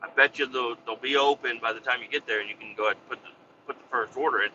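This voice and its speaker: A man's voice: mid-range voice, steady tone, fast talker, highs cut off, slight background noise. A man casually telling a heated story, swearing a lot and getting worked up as he goes. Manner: heated, swears a lot, re-enacts his own yelling. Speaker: podcast host and business owner.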